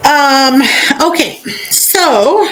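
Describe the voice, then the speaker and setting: A podcast co-host, a woman, retells a book chapter in a casual, giggly way. Her voice swings widely in pitch and she talks at an unhurried pace, with faint background hiss. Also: low-quality recording. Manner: animated, giggly storyteller.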